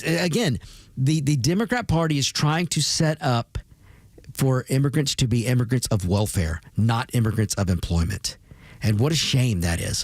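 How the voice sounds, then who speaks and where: A man's voice: medium pitch, darkish tone, no echo. A male radio host drives through an emphatic political monologue, circling back to repeat his points and calling out to his listeners. The sound is close and dry, with no room around it. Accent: Spanish-rolled R's on Latin words. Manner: emphatic, repetitive, addresses listeners as folks. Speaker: radio talk show host.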